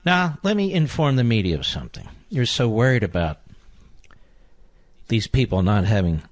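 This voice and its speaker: A man's voice: mid-range voice, sing-song, normal speed, no echo. Emphatic man hosting talk radio. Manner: indignant, repetitive, emphatic. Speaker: radio talk show host. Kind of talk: political talk radio monologue.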